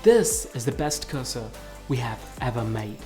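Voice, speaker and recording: This is a suave male ad narrator with a refined accent, as a man puts him on, smooth and grandly self-important. The voice sits a touch lower and softer than a normal speaking voice. It sounds faintly distant from the mic. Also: animated, moderate pace, soft background music, close to an everyday voice. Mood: grandiose.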